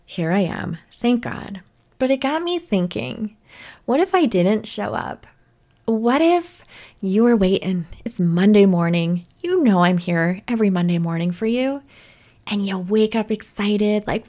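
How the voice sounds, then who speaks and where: A woman hosts her own podcast and talks alone into the mic in a loose, chatty way. She takes her time, with an unhurried pace, and is playful and dramatic with casual swearing. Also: mid-range voice, lively intonation, darkish tone. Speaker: podcast host. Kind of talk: casual solo podcast chat. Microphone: podcast microphone.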